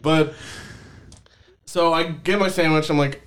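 A man's voice: on the high side, lively intonation, normal speed, a little hiss or hum. A man co-hosting a podcast, telling profane stories in casual chat, laughing often and acting out the people in them. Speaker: podcast co-host.

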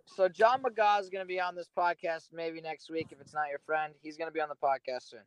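A man's voice: on the high side, steady tone, crowd noise, poor audio. A man co-hosting a podcast, teasing his friend in casual chat. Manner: teasing, quick with jokes. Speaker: podcast co-host.

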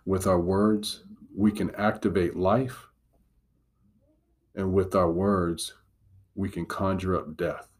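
A man's voice: sits low, little pitch movement, slow pace, pauses often. A man giving a devotional teaching talk as a Christian motivational speaker, earnest and encouraging, driving points home with repetition.

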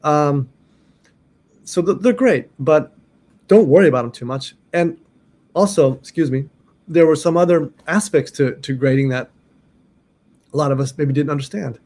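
A man's voice: fairly high pitch, normal speed, pauses often, darkish tone. Rambling man telling a story. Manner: rambling, many restarts and "you know", laughs at own story. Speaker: martial arts instructor. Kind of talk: casual storytelling.

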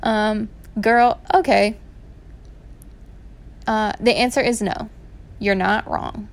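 A young woman, hosting her podcast and telling stories in a casual, animated way. She laughs often and swears freely. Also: medium pitch, slow pace, vocal fry. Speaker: podcast host. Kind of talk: casual storytelling. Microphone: home recording setup.

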